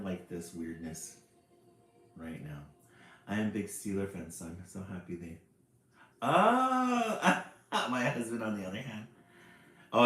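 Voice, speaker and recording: A man hosting a casual livestream, greeting viewers by name in a cheery voice that jumps up when he says hello. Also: lowish voice. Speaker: livestream host. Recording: roomy echo with faint music behind.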